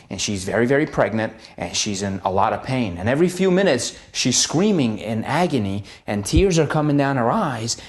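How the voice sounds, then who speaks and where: A chiropractor telling a personal story, earnest and vivid, in the present tense, with frequent pauses and fillers. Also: male voice, mid-range voice.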